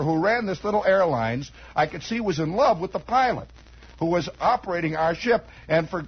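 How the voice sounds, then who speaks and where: A man with a high, breathy voice hosts a 1960s radio show, where he tells a rambling comic story off the cuff and acts parts of it out. The audio is the dull, lo-fi sound of a broadcast from that era.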